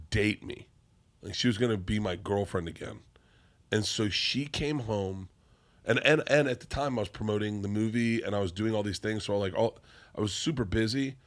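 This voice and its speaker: A comedian guest on a podcast, telling rambling, excitable stories in casual chat. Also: male voice, fairly low pitch, normal speed.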